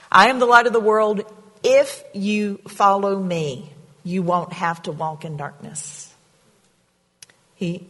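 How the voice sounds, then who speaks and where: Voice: mid-range voice, fairly bright tone. A pastor preaching a sermon in a church, in a conversational way, asking the congregation questions. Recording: reverberant hall sound.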